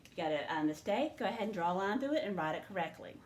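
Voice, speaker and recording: A woman teaching a spelling lesson to young learners, sounding out each letter and syllable slowly and patiently. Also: medium pitch, expressive, a little mellow, roomy sound, a little hiss or hum.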